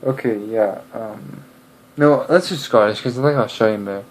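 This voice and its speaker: A young man chatting casually to camera, rambling and hesitant, with many pauses and restarts. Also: fairly low pitch, poor audio. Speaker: video creator.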